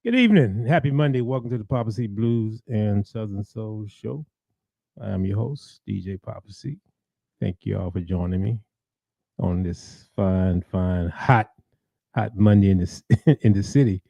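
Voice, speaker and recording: A man's voice: fairly low pitch, fairly even intonation, a little slow, gravelly, dry recording, lo-fi sound. A man hosting a blues and soul show, chatting casually and greeting listeners by name in a rambling way. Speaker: radio show host. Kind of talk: casual live-stream chat.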